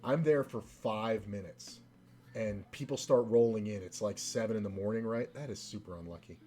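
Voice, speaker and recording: A man's voice: fairly low pitch, normal speed, dark tone. A man streaming a game and chatting casually, telling a rambling, profane story between side comments on play. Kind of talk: casual storytelling while gaming.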